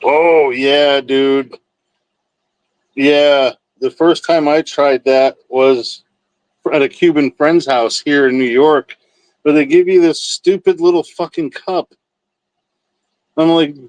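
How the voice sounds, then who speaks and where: A man of middling pitch rambles through casual stories, dropping curse words as easily as fillers. He sounds close to the mic in a dry, deadened room. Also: slow, no echo, rough recording. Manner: rambling, profane, laid-back storytelling. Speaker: livestream host. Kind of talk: casual chat with live chat.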